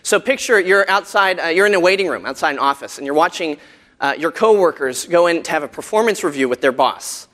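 A man's voice: a little high, animated, a little fast, fairly bright tone. A man teaching a class about a hymn tune, speaking conversationally and asking his listeners questions, with frequent ums and uhs. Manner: conversational, asks the audience questions, many fillers. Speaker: church music teacher. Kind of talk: lecture to a group.

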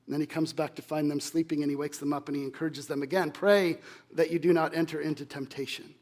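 Male pastor, slightly high voice, preaches with big swings between loud emphasis and quiet. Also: steady tone, fast. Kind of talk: sermon.

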